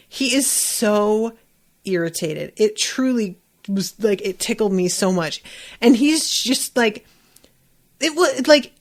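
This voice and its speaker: A woman's voice: medium pitch, slow pace. A woman podcast host recapping an anime episode in casual chat, acting out lines and swearing freely. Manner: animated retelling with acted-out quotes, swearing.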